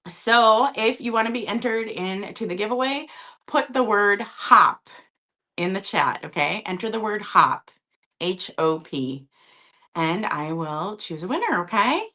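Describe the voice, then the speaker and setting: A woman's voice: mid-range voice, a bit bright. A woman hosting a live-stream vintage sale, chatty and casual, often checking in with her viewers.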